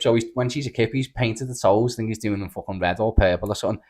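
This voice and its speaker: A man's voice: on the low side, a little mellow. A young man with a Scouse accent, co-hosting a casual comedy podcast, swearing freely and telling stories in a rambling way. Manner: sweary, rambling, quick storytelling with bursts of laughter. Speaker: podcast co-host.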